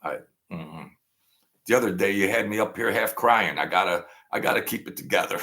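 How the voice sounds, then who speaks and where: A man's voice: sits low, fairly quick, sharp tone. A man from Brooklyn, rambling through a story in a casual monologue, repeating phrases and acting out what people said. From Brooklyn, New York. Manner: rambling, repeats phrases, acts out quoted lines. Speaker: storyteller host.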